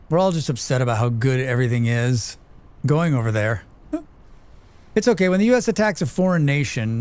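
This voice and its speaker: Chatty man, fairly high, smooth voice. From United States. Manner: loose and chatty, swears freely, laughs often. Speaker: livestreamer. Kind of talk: casual chat while playing, reading chat aloud.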